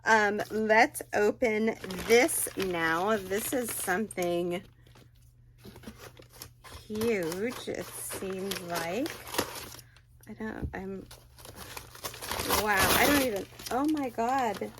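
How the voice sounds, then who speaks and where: A woman crochet vlogger chatting excitedly as she unboxes birthday gifts, gushing and exclaiming often. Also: medium pitch, drawn-out words, long pauses, very noisy.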